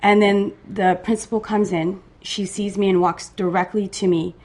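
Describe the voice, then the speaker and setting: A woman from Canada, a parent guest, telling her story in measured detail in conversation. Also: mid-range voice, steady tone, darkish tone.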